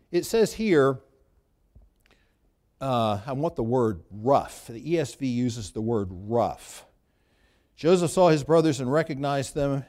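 A man's voice: a little high, darkish tone. A man preaching a sermon in a conversational, free-flowing way, lifting his voice for emphasis.

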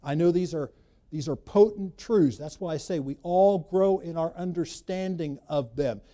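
A man preaching a sermon, emphatic, swinging between loud bursts and quiet asides. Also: a little high, moderate pace. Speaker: pastor.

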